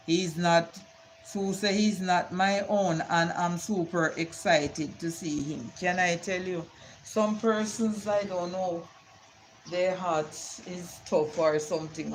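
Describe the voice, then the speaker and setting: A woman's voice: deep voice, a little hiss or hum, poor audio. An older woman, chatting casually on a live stream and telling rambling stories with Bible sayings.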